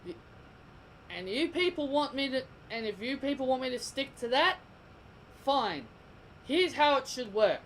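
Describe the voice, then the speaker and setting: A man's voice: extremely high pitch, big pitch swings, unhurried, long pauses, a bit bright, a little hiss or hum, low-quality recording. A young man giving a heated, opinionated commentary rant as a vlogger, repeating himself and restarting sentences. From Australia. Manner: heated, repetitive, stumbling restarts. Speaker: wrestling vlogger.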